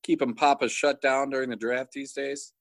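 Teasing man with a mid-pitched voice. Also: fairly even intonation, normal speed. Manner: teasing, crude. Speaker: podcast co-host. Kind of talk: casual chat.

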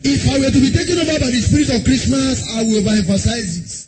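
Very high-voiced man preaching in sing-song. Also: expressive, quick pace. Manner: sing-song preaching with shouted calls and rhetorical questions. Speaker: pastor. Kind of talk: sermon. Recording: noisy live sermon recording.

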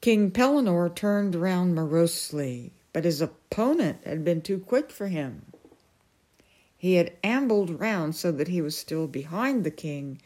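A woman reading a novel aloud as a storyteller, measured and unhurried. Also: fairly low pitch, a little mellow.

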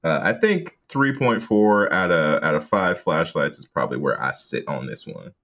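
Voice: very deep voice, big pitch swings, moderate pace, a bit bright. A laid-back podcast co-host reviewing a horror movie in casual chat and laughing often.

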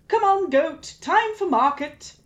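A woman voicing a sly, mischievous male trickster god in a told myth, playful and squeaky when straining. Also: lively intonation, takes it slowly, heavily acted. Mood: cheerful.

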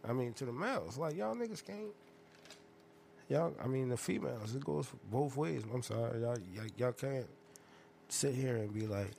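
A man hosting a podcast, telling stories in a profane, animated, rambling rant. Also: mid-range voice, normal speed, gravelly, slight background noise. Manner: profane, animated storytelling with loud laughing outbursts. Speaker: podcast host.

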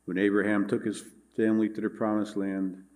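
Male pastor, lowish voice, measured earnest sermon delivery. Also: little pitch movement, darkish tone. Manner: measured, earnest preaching with scripture reading.

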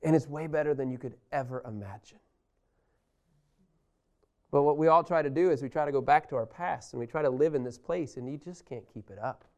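Man, bible teacher, clear resonant voice, somewhat high, emphatic, talks to listeners. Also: brisk. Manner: animated, emphatic, addresses listeners directly. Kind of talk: Bible lesson reading and explaining scripture.

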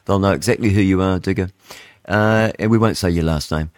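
A man, hosting talk radio in a chatty, rambling way, reading headlines aloud and thinking out loud. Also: sits low, brisk, dry recording, studio quality. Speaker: radio host. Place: radio studio.

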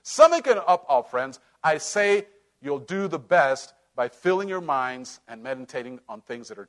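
A pastor in full sermon mode, his voice sitting a little higher than most men's. He talks to the congregation like friends, with quick asides and bursts of energy that drop to near murmurs. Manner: lively, animated preaching with laughs and asides.

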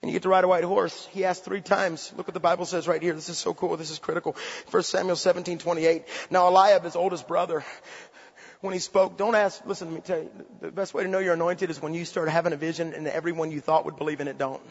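A man preaching an intense sermon, swinging from shouted lines to hushed, quiet asides. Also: a little high, flat delivery, fast talker, husky, in a large hall, highs cut off.

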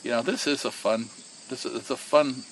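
A man's voice: medium pitch, steady tone, moderate pace, a little hiss or hum, rough recording. A man who co-founded a whiskey distillery tells its story casually and with animation, often repeating and restarting words.

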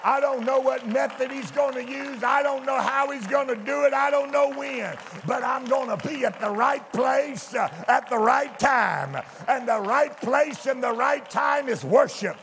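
A man preaching a fervent sermon to his church, shouting out exclamations. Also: very high-pitched, unhurried, hardly any pauses, a little hiss or hum. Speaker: pastor. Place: church sanctuary. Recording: echoey church hall with congregation.

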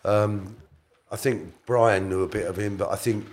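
Fairly low in pitch and darkish in tone, this middle-aged man keeps a steady tone at a normal speed. Being interviewed, he rambles through a casual story, correcting himself and falling into quoted voices.

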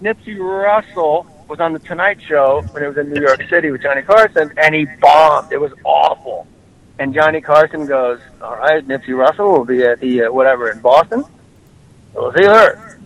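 A man hosting a podcast in casual chat, telling stories in an animated way and acting out quoted voices. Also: a little high, normal speed, low-quality recording. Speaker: podcast host.

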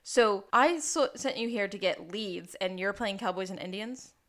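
A woman's voice: medium pitch, fairly bright tone. A woman co-hosting a podcast, casually recapping a TV episode and acting out characters' lines. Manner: retells scenes with quick quoted impressions. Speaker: podcast co-host.

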